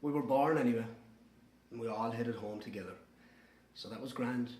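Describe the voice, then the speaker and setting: A man's voice: medium pitch, moderate pace, darkish tone, natural voice. An actor playing a rambling, wry young Irish man who keeps correcting himself, in an audio drama monologue. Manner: rambling, self-correcting, offhand. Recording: roomy echo.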